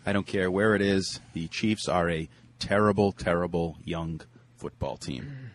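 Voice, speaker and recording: This is a man with a very low voice on a casual sports panel. He is blunt and teasing, firing off short verdicts on the others' picks. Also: measured pace, slight background noise.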